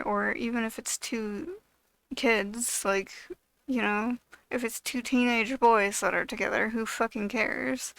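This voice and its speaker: High, gravelly woman ranting bluntly. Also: a bit bright, no echo. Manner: blunt, heavily profane, exasperated ranting; loose, filler-heavy delivery with frequent "like". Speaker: video creator. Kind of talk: ranting vlog monologue.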